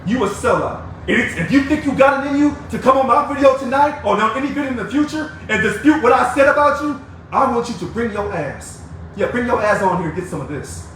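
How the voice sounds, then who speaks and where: A man's voice: very high-pitched, quick pace, a bit bright. Fired-up man ranting into an echoey room. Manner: combative, preachy, taunting. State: angry, fired up. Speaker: union activist addressing members. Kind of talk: fiery video rant. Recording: echoey, distant mic with faint noise.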